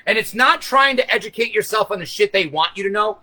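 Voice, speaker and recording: Male streamer, high bright voice, profane conspiratorial rambling monologue to viewers. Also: lively intonation, fairly quick, low-quality recording. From United States. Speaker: livestream host.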